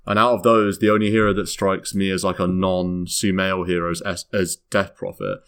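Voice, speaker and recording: A man's voice: sits low, level tone, moderate pace, fairly bright tone, clean tone. A British man co-hosting a podcast, recapping games with eager, casual chat. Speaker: podcast co-host.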